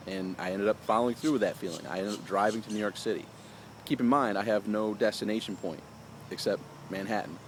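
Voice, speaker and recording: A man's voice: lowish voice, a little hiss or hum. A middle-aged man casually telling a personal story to camera in an earnest, chatty way, with fillers and restarts, recorded outdoors with lawn workers nearby.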